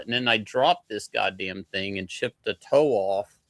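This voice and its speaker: A man's voice: fairly low pitch, moderate pace, creaky, fairly bright tone, no room sound. A man chatting as a guest on a casual livestream, blunt and profane, talking matter-of-factly about his work. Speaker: guest artist.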